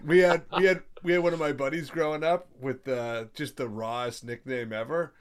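A man's voice: on the high side, steady tone, clear, resonant tone. Laughing, easygoing podcast host man. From Toronto, Canada. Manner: laughs along, quick agreeing "yeah yeah", profane. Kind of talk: casual chat.

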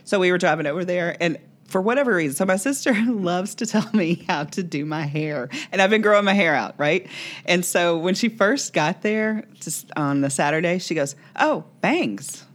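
A woman's voice: lowish voice, expressive, moderate pace. Laughing woman telling a story. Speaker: podcast co-host. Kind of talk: casual chat.

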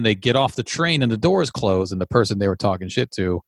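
Low-voiced man from Virginia chatting. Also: lively intonation, fairly quick, creaky, dry recording, clean studio sound. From Virginia, USA. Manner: reflective, explains his points at length. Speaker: co-host. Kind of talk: casual chat.

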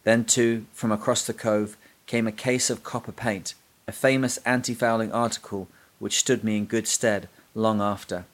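A male podcast host reading a classic book aloud in a measured, deliberate way. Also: on the low side.

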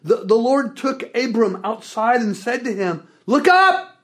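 Preacher mid-sermon, lively delivery, pitch jumping up and down, repeats words for emphasis. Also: unhurried, breathy edge. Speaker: pastor.

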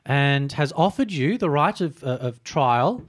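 A man's voice: fairly high pitch, a little slow, no room sound. Male game master, casual and laughing, dry close mic. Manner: relaxed, laughs often while describing. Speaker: dungeon master. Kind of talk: casual tabletop game narration.

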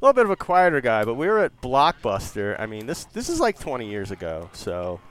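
A man's voice: mid-range voice, huge pitch swings, fairly quick. Laughing, swearing podcast co-host, a man. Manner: laughs often, swears casually. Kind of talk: casual chat.

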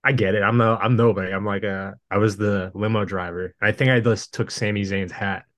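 Male guest, low pitch, dry mic, loose rambling anecdotal delivery. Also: steady tone, a little fast, fairly bright tone, no room sound. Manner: rambling, laughs things off, jumps around. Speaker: podcast guest. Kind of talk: casual storytelling chat.

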